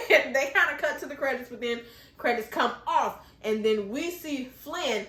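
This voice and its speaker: A woman vlogger recaps a TV episode in a bright, high voice. She talks in an animated, emotional way, laughing often and putting questions to her viewers. Her voice rings in an echoey room. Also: moderate pace. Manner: addresses viewers with rhetorical questions. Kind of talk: casual recap vlog.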